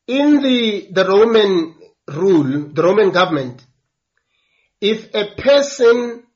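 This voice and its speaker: A man's voice: high-pitched, highs cut off. A man preaching a sermon, earnest and building emphasis through repeated phrases.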